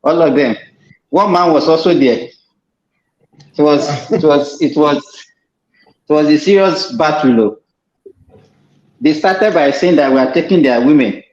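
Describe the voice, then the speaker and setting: Man, relaxed storyteller, roomy muffled sound. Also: a little high, a little slow, long pauses. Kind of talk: casual online chat. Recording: echoey muffled mic.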